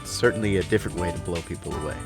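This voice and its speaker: A man's voice: sits low, racing, music in the background. A young man giving casual, joking and self-mocking anime review commentary.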